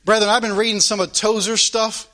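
High-pitched, bright-voiced fervent preacher man. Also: level tone. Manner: fervent preaching with repeated phrases and drawn-out emphasis. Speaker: pastor. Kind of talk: sermon.

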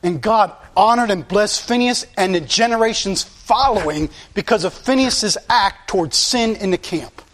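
A man's voice: high voice, normal speed, hardly any pauses, a bit bright. A male pastor preaching a sermon in a blunt, impassioned way, repeating his points.

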